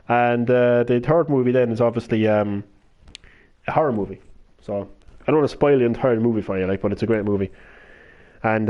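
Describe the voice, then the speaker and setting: A man's voice: lowish voice, lo-fi sound. A young Irish man streaming games, rambling and ranting casually with lots of swearing. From Ireland. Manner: swears freely, rants, laughs. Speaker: gaming live streamer.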